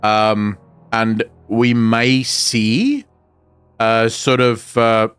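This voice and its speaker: A man's voice: mid-range voice, animated, very slow, a bit bright, clean tone, faint music behind. A man streaming live, reading viewer comments aloud and answering them in casual chat.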